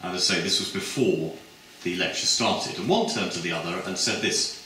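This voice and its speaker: A middle-aged man giving a public lecture in a measured, discursive way, with many filled pauses. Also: low voice, sharp tone, a little hiss or hum. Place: lecture hall. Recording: echoey hall from a distant mic.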